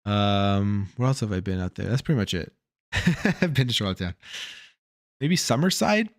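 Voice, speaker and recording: A Canadian man with a fairly low voice and a Canadian accent talks casually to his stream viewers. He rambles and thinks aloud, sounding a little worn after a long workday. The sound is dry and close. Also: expressive, normal speed, no room sound. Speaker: gaming channel host. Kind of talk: casual livestream chat.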